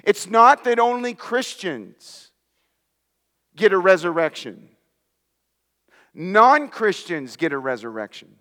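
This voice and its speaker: A man's voice: high-pitched, very animated, takes it slowly, pauses often, sharp tone, in a large hall. A man preaching a sermon as pastor, emphatic, sometimes dropping to near-whispers for stress, and calling his listeners friends. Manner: addresses listeners directly as friends.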